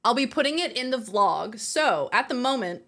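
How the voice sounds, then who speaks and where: A woman's voice: on the high side, animated, normal speed, a bit bright. A woman streamer chatting casually with her viewers, laughing often and reading their messages aloud.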